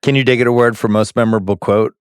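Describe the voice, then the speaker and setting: A man's voice: on the low side, fairly even intonation, fast, clear, resonant tone, no room sound. A man hosting a casual movie podcast, wry, running through award categories in a dry studio. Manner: wry, list-running, acts out quotes in loud bursts. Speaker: podcast host.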